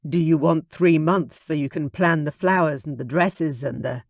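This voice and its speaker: A man's voice: fairly high pitch, moderate pace, gravelly, no room sound, studio quality. A man voicing a confident young man in love in an audiobook, earnest and tender.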